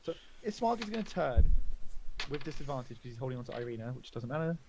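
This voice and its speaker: A man running a tabletop game as dungeon master, relaxed, laughing often and filling pauses with um and uh. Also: mid-range voice, noisy background.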